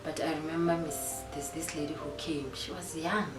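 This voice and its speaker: A young woman giving an earnest personal testimony, shifting between hushed and animated. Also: sits low, normal speed. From South Africa. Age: young adult. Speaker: guest. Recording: echoey room, distant mic, music behind.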